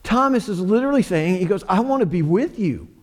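High-voiced earnest man preaching a sermon. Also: animated, fairly quick. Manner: earnest, repeats phrases for emphasis. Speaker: pastor.

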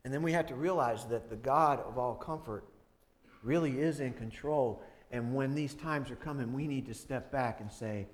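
A man preaching a sermon, voice climbing loud when he acts out prayers and dialogue, then dropping soft and low for grief. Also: normal speed. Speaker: pastor.

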